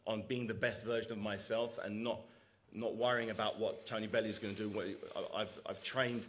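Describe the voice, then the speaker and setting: A boxer at a press conference, answering questions earnestly and repeating words for emphasis. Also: male voice, on the low side, fairly bright tone.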